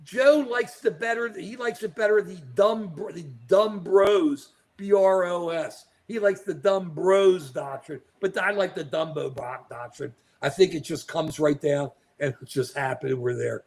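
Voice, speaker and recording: A man's voice: high-pitched, normal speed, few pauses. A man co-hosting a live political chat show, talking animatedly and calling out viewers by name. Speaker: co-host. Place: at home in New York.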